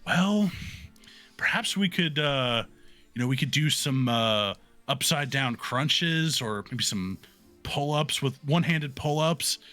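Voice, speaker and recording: A man's voice: medium pitch, animated, takes it slowly, sharp tone, soft background music, voice pushed up. A man voicing a peppy young dwarf woman who recruits for a gym club, and she sounds pushy and upbeat. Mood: hyped.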